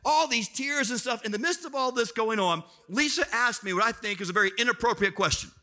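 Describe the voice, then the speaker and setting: Bright-voiced animated male pastor. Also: very high voice, a little fast. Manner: animated storyteller, acts out family members in raised voice. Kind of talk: sermon with personal stories.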